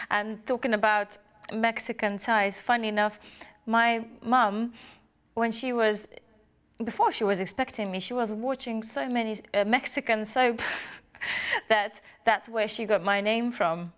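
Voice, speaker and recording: Brief: woman host, smooth and fairly high voice, steady call-in delivery. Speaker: TV show host. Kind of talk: hosting a call-in show.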